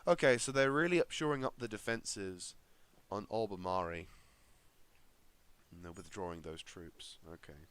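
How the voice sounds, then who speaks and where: A man's voice: on the low side, normal speed, fairly bright tone, clean tone. A man casually commentating a strategy game, thinking aloud with lots of fillers and restarts. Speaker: gaming video creator.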